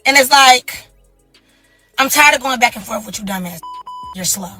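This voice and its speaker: A woman from a reality show delivers a blunt, insulting confessional rant in a mocking tone. Her voice is high and bright, and it plays as a show clip with faint music underneath. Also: moderate pace. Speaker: reality show cast member.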